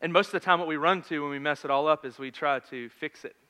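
A pastor in his thirties delivers a sermon like he's telling a story in conversation, his volume swinging from loud to hushed. His pitch sits fairly high and he talks fast.

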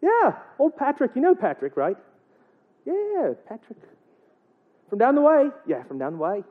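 A man voicing excitable, gossiping Irish village men in a put-on Irish accent, chattering in a sing-song way. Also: extremely high pitch, measured pace, voice pushed up, full character voice. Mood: excited. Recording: tinny phone-like sound.

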